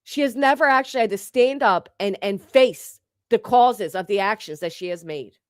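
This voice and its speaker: A woman's voice: medium pitch, dry recording, clean studio sound. A woman delivering a heated, sarcastic commentary rant, swearing and firing off rhetorical questions. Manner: indignant, sarcastic, profane, fires rhetorical questions. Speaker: online commentator.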